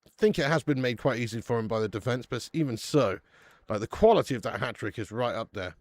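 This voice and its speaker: A man's voice: medium pitch, quick pace, no echo. A man hosting a live football watch-along, chatting in casual banter, swearing freely and calling everyone mate.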